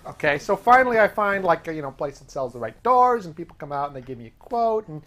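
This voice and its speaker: Animated male host telling a story. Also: a little high, quick pace. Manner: animated, self-amused storytelling with quoted back-and-forth. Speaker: podcast host. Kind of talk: casual anecdotal monologue.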